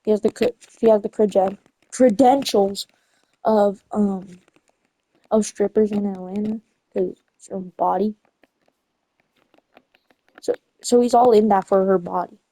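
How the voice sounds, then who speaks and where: A woman's voice: mid-range voice, fairly even intonation, unhurried, pauses often, mellow, low-quality recording. A young woman chatting casually while gaming, rambling through a story and often correcting herself and losing her place. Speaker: gamer retelling a story.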